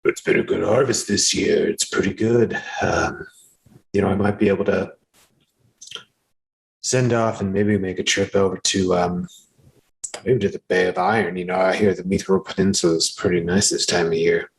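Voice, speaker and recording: A man voicing a quiet female orc farmer chatting about the harvest, in a low, relaxed tone. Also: normal speed, gravelly, slight background noise, rough recording. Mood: musing.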